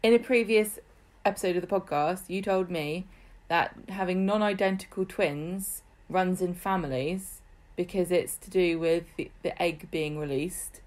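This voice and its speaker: A woman's voice: fairly low pitch, unhurried, hardly any pauses, a little mellow. A woman co-hosting a podcast, chatting casually with dry jokes and pointed questions. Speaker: podcast co-host. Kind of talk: casual chat.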